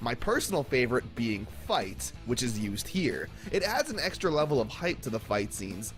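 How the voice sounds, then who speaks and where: A man's voice: medium pitch, big pitch swings, moderate pace, faint music behind. A man narrating a scripted recap video with wry, playful commentary.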